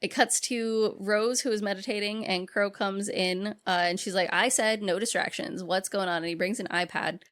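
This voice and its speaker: Woman, podcast co-host, casual movie recap, acts out quotes, mid-pitched voice. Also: steady tone, fairly bright tone. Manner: retells scenes in quick acted-out quotes, swears casually.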